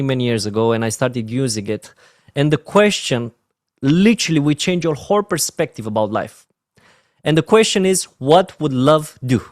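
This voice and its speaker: An emotional man with a Romanian accent leads a motivational training session, pleading and heartfelt. His voice sits fairly high for a man, and the sound is dry and close. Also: no echo. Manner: earnest, emotional, repeats "my friends" softly. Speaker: network marketing trainer.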